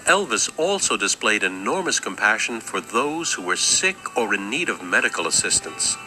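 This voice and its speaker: Male documentary narrator, lowish voice, animated delivery over music. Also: moderate pace, rough recording. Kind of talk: scripted narration.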